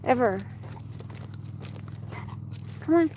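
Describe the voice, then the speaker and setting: Woman, fairly high voice, chatty and venting, outdoors, faint street noise. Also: expressive, very slow, warm tone, poor audio. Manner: chatty, venting, breaks off to coax her dog. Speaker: vlogger walking her dog. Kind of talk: casual chat.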